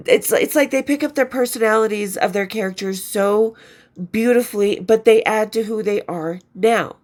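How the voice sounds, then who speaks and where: A woman hosting a podcast, chatting casually and enthusiastically about a film sequel, rambling and swearing now and then, a bit stuffy from allergies. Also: fairly high pitch. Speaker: podcast host. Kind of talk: casual film review chat.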